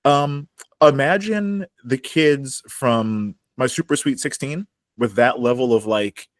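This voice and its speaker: A man's voice: mid-range voice, slow, dry recording. A wry, talkative man from Chicago co-hosts a casual podcast, laughing easily between remarks. His voice sits mid-range and sounds dry and close, with no room around it. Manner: chatty, laughs often, wry. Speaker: podcast co-host. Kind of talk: casual chat.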